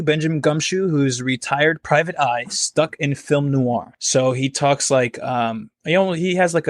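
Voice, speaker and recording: A man's voice: medium pitch, a bit bright, no room sound, clean studio sound. A man, a guest comedian and actor, talking casually and rambling with many fillers and laughs. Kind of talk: casual podcast conversation. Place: home, near Philadelphia.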